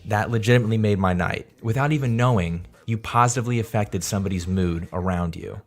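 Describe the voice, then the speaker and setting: Low-voiced man telling a heartfelt story. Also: quick pace, faint music behind. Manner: heartfelt, candid, storytelling with swearing. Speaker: coworker sending birthday message. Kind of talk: recorded personal message.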